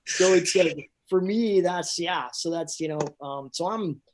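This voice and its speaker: A man's voice: high voice, measured pace. Man, from Canada, voice actor guest, rambling, enthusiastic, casual interview, faint background noise. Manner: rambling and enthusiastic, full of fillers and impressions.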